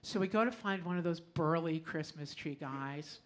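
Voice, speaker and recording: Woman telling a lively story on stage. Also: low-pitched, normal speed. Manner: lively, conversational, often laughing. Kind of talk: personal story performed live on stage. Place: small club stage.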